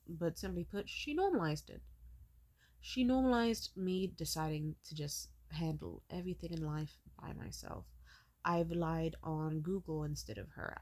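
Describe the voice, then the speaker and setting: Lowish-voiced woman venting on her vlog, bitter, swears a lot. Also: vocal fry. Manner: blunt, profane, bitter; wide pitch swings when animated. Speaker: vlogger. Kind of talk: storytelling rant.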